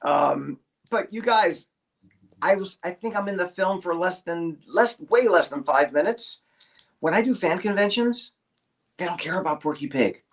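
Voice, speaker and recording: A man, a voice actor, telling a lively anecdote on a video call, with many stammering restarts and acted-out quotes. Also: sits high, a little slow. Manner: animated storyteller, stammering restarts, acts out quotes. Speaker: voice actor guest.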